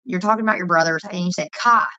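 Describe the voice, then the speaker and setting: A woman's voice: on the low side, rapid-fire, fairly bright tone, no echo, muffled recording. A woman chatting casually and rambling, laughing and swearing as she talks. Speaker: streamer chatting with viewers. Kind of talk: casual livestream chat.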